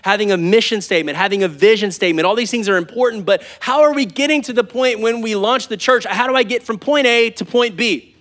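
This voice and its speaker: A pastor in his thirties delivers a sermon to a live church congregation, calling out to the crowd in a conversational, animated way. His voice is high and he talks fast.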